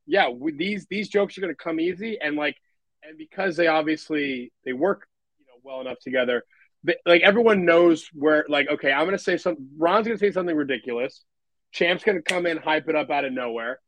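A man co-hosting a podcast, his voice a little high and fairly bright, chats casually about a comedy film, rambling and often bursting into laughter. The recording is low quality with no echo.

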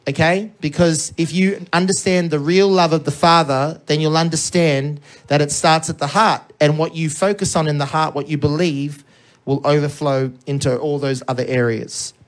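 An energetic preacher delivering a sermon who keeps checking in with the congregation. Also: medium pitch, normal speed. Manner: energetic, checks in with frequent "okay?".

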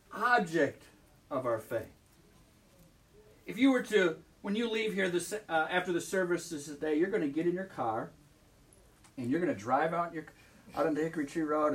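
Male pastor, conversational sermon in a church, high voice, mic set back. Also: distant mic. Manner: conversational, asks the congregation questions. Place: church sanctuary.

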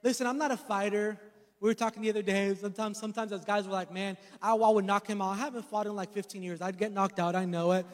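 High-voiced preaching man in a hall. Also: fairly even intonation, quick pace. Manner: storytelling, rising to emphatic preaching. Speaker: pastor. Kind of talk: sermon with personal testimony.

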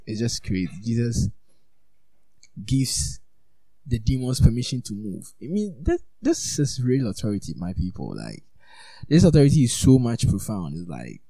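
A man giving a conversational sermon, informal and animated, peppering his talk with "like" and "you know". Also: mid-range voice, no echo. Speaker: preacher.

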